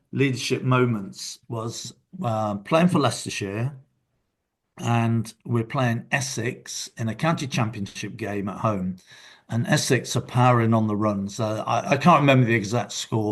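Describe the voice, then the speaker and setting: An older man, a guest in a casual interview, telling reflective stories from his working life. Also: mid-range voice. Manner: reflective, anecdotal storyteller.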